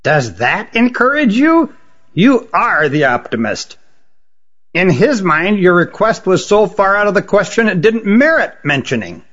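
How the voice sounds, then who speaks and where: A man's voice: sits high, big pitch swings, a little slow, a bit bright, pitched above the performer's own voice, full character voice. A man voicing a small, earnest young lad who speaks politely and hesitantly. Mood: wry. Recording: dull lo-fi audiobook recording.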